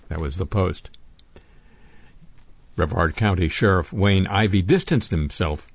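A man with a lowish voice reads news stories on his radio show, dropping deadpan, sardonic quips between the items. The sound is close and dry, with no room around it. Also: unhurried, creaky, long pauses, slightly rough, no echo. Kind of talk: wry news commentary.

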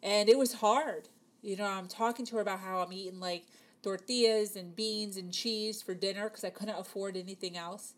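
A woman's voice: mid-range voice, fairly even intonation, normal speed. A woman in her thirties, telling a personal story to her viewers in a chatty way, with many fillers, acting out the dialogue. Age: 30s. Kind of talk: casual storytelling to camera.

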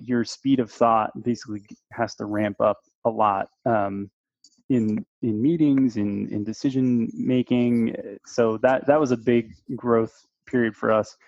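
A man who owns a digital agency, speaking as a guest in a measured, reflective way. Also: medium pitch, creaky, darkish tone, no room sound. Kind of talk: casual business chat. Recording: dry, dull-sounding mic.

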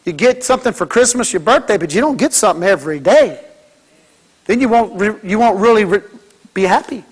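A man's voice: sits high, lively intonation, a little fast, slightly rough. A man preaching a sermon as pastor, folksy and joking, mimicking kids and church members.

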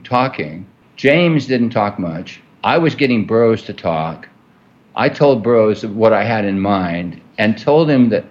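Guy with a lowish voice telling a long story, lots of "you know"s, kinda muffled lo-fi sound. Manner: rambling, with many fillers and restarts. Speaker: interviewee. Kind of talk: storytelling in a conversation.

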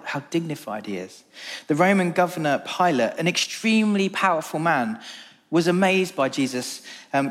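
Earnest male preacher in a reverberant hall. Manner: earnest, measured, slows and drops low for emphasis. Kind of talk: sermon with scripture reading. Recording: long reverb of a large hall.

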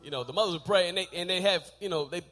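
A middle-aged man from Texas with a Texan accent preaching a sermon in a church, calling on the congregation to respond and building up to shouted climaxes. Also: sits high, racing. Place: church sanctuary.

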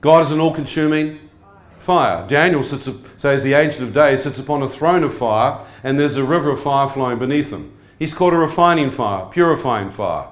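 A man delivers an animated sermon, speaking at a medium pitch. He keeps throwing questions out to his listeners. His voice rings in an echoey hall. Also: a little fast. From New Zealand. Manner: animated, asks the crowd questions. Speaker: evangelist. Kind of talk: sermon testimony.

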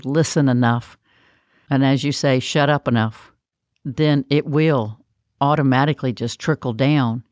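A woman's voice: a bass voice, no echo. A woman interviewing a guest, asking questions and reflecting on the answers with enthusiasm.

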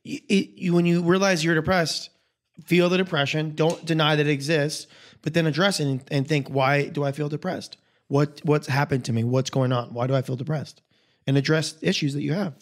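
A man's voice: fairly high pitch, fairly even intonation, brisk. A man co-hosting a podcast, arguing in casual chat and often laughing. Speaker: podcast co-host.

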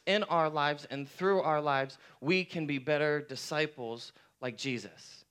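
A male pastor delivering a sermon in an easy, conversational manner, hammering home his points by repeating key phrases. His voice sits slightly higher than most men's and comes through smooth and clear. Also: a bit bright.

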